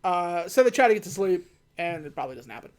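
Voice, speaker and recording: A woman hosting a podcast, recapping a movie in casual comedic chat, laughing and acting out the characters in quick voices. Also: fairly low pitch, sing-song. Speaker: podcast host.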